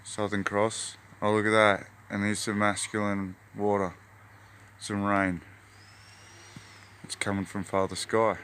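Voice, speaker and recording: A man's voice: on the low side, monotone, measured pace, pauses often, a bit bright, a little hiss or hum. Laid-back Australian man rambling outdoors. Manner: meandering, spiritual, laid-back, slangy. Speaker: hobby gardener vlogger. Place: his backyard garden outdoors.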